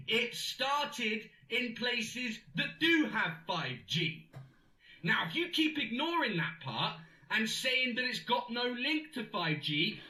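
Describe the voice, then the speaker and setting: A man's voice: very high voice, very animated, slow, voice pushed up, exaggerated voice. A comedian voicing an abusive, sweary male conspiracy theorist leaving furious voice messages, in an echoey room. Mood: ranting. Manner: abusive, sweary, shouting tirade.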